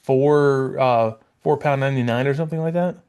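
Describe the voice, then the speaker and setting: A man's voice: medium pitch, normal speed, a little mellow, smooth. A man co-hosting a podcast, chatting casually about comics and wandering through his points. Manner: rambling, with many fillers and restarts. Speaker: podcast co-host.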